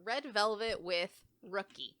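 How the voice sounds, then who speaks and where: This young woman co-hosts a podcast, chatting casually while she runs through a countdown song list. Her medium-pitched voice moves at a slow pace over soft background music, and she comes across as animated and opinionated.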